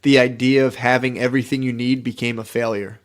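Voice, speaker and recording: A man's voice: mid-range voice, level tone, brisk. A man co-hosting a podcast in casual chat, rambling and philosophical, full of "like" and "dude". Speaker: podcast co-host.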